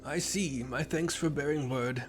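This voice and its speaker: A wise old mentor speaks reflectively in old-fashioned phrasing, as a man reads him aloud. The delivery is even and unhurried, with faint game music underneath. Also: on the high side, lightly acted.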